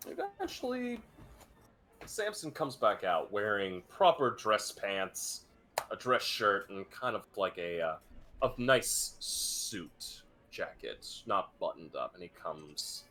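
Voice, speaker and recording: A man narrating a tabletop game as game master in a relaxed, conversational way. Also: lowish voice, slow.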